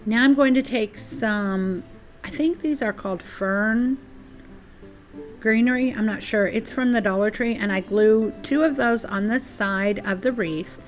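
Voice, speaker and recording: Breathy woman crafting host. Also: fairly high pitch, unhurried. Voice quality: chatty, apologetic, uses y'all. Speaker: DIY crafts channel host. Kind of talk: casual craft tutorial narration. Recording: soft music behind.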